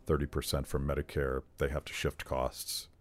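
A man hosting an interview podcast who talks in a halting way, restarting his phrases, with a wry tone. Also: a bass voice, flat delivery. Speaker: podcast host. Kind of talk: interview conversation.

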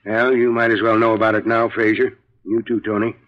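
An actor playing a kindly elderly uncle who owns a ranch, talking steadily and decisively in 1940s radio acting. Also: male voice, lowish voice, little pitch movement, a little fast, lightly acted. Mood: steady. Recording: dull old radio broadcast.

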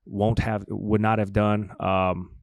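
A man co-hosting a casual sports talk show, animated and laughing, given to mocking impressions. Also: fairly low pitch, slow pace, creaky, no echo. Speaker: co-host.

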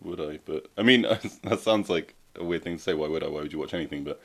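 A man's voice: very deep voice, fast. A man co-hosting a casual podcast chat, laid-back and joking, laughing often. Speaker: podcast co-host.

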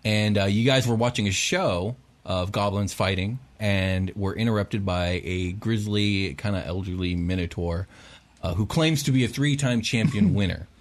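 A young man narrating as game master of a tabletop game, relaxed and chatty with lots of fillers. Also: lowish voice, moderate pace. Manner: relaxed, laughs often, filler-heavy.

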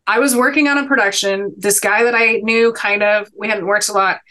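A woman's voice: mid-range voice, fairly even intonation, fairly quick, pushed and bright. A middle-aged woman, a podcast guest, telling personal stories in an earnest, emphatic way during a sit-down interview. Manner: earnest, emphatic storytelling with inspirational lines.

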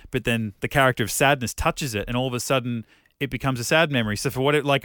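A man's voice: medium pitch, fairly bright tone, no echo, clean studio sound. A man in his thirties, co-hosting a podcast in casual chat and telling rambling stories with plenty of swearing. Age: 30s. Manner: rambling storyteller who swears freely. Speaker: podcast co-host.

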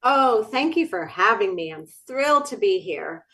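Eager woman guest, warm lively answers on a talk show. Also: mid-range voice, normal speed. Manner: enthusiastic, expressive. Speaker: guest author. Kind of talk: interview answers.

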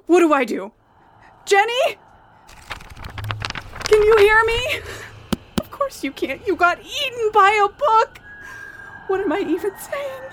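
Woman acting a nervous sarcastic young woman, high lively voice, audio drama, faint ambience behind. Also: moderate pace, background noise, natural voice. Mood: panicked. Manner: jittery, sarcastic, swears when panicked. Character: scared, sharp-tongued young woman lost in a dark forest. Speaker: voice actor.

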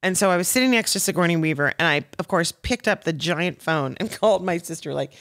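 Lively storytelling woman with a low voice. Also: a little fast. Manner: laughs often, acts out voices in her stories. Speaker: guest, actress and comedian. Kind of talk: animated anecdote telling.

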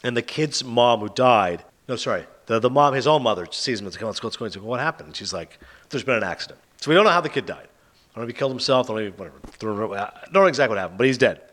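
A man talks through films in a casual podcast chat, sarcastic and animated as he retells plots. His speech is quick and his pitch swings widely. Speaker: podcast host reviewing films.

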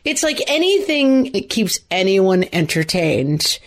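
Animated woman chatting on a podcast. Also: medium pitch, a little slow. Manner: playful, animated storytelling. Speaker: podcast co-host. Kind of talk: casual chat.

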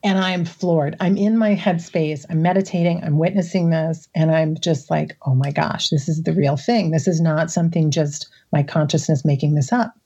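A middle-aged woman from the Midwest recounts a personal experience in a husky, gravelly voice. She pitches it a little low and keeps it mellow, laughing often. The line is muffled and lo-fi. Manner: emotional, laughs often, halting restarts. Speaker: guest.

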